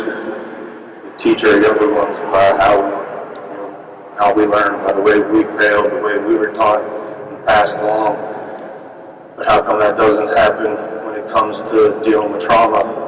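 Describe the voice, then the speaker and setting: A man's voice: lowish voice, a little hiss or hum. A man in his thirties, a military veteran, telling his personal story to an audience in an earnest, plainspoken way. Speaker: veteran speaker. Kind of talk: personal testimony talk. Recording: echoey hall, voice from far off.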